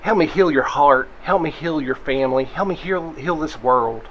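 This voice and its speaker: Casting: a man as a showy traveling preacher, revival cadence, slightly high voice. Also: moderate pace, a bit bright, a little hiss or hum, lightly acted, low-quality recording. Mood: preachy. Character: grandiose male preacher and orator. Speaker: player.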